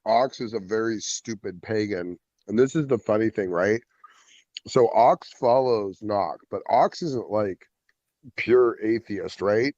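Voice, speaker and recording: A man's voice: fairly low pitch, measured pace, darkish tone, no echo, lo-fi sound. A man co-hosting a casual podcast in a mocking tone who laughs often. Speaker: podcast co-host.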